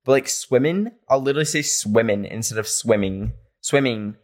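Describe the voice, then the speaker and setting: A man hosting a podcast, reading listener stories aloud and reacting playfully with animated asides. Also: on the low side, fast talker. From rural area. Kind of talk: casual podcast chat.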